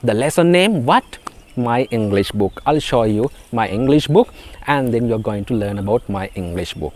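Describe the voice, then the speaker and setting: A Sri Lankan man, a native Sinhala speaker, gives a beginner's spoken English lesson in a halting manner, full of fillers and repeated words. His mid-range voice is animated and slightly mellow.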